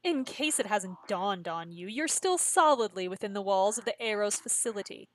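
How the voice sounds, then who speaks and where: A woman voicing a young girlfriend turned cold and sinister, speaking calmly with a sweet menace. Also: medium pitch, moderate pace, natural voice, low-quality recording.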